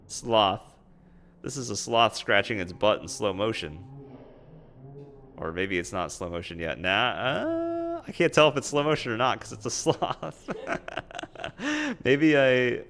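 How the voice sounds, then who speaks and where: A man's voice: lowish voice, big pitch swings, slow pace, long pauses, a bit bright, slight background noise. A man giving casual, playful commentary over his trip photos and clips, amused and chatty, drawing out silly asides. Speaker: vlogger recapping a trip. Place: indoors at home streaming.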